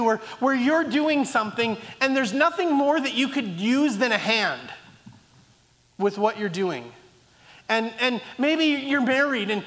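A pastor preaches a sermon in a very high-pitched, slightly bright voice, earnest and repetitive, sometimes acting out pleading voices. The long reverb of a large hall fills the recording.

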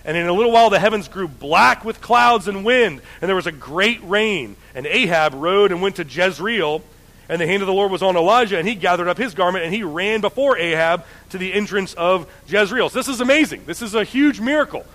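Man, preacher, bible teaching, conversational, high-pitched. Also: brisk, a bit bright, poor audio. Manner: conversational, paraphrases scripture in everyday slang. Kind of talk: Bible teaching, reading and commenting.

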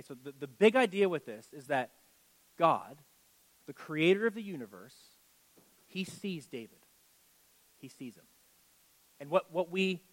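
A man's voice: fairly high pitch, poor audio. A man preaching as a pastor, reading scripture and breaking off into conversational asides with lots of "like" and "okay".

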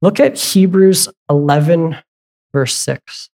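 A pastor delivering a sermon in plain, everyday speech. The voice sits at a middling pitch, and the preacher keeps turning to the congregation with direct questions, sometimes stopping to correct a slip or add an aside. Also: slow, gravelly, dark tone. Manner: asks the congregation repeated questions; conversational, with asides and self-corrections.

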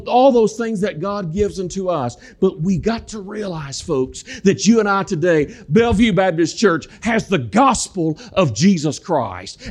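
A man delivering a sermon in a church, his voice sitting a little higher than most men's. He talks in a folksy, repetitive way, doubling back on words and turning to the congregation as he walks about. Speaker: guest preacher. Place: church sanctuary. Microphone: walking while preaching, moving around the mic.

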